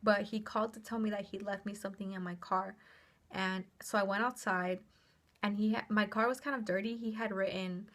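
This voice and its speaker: A young woman telling a personal story on her vlog in a chatty, animated way, with lots of "like" and casual swearing. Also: mid-range voice, fairly quick.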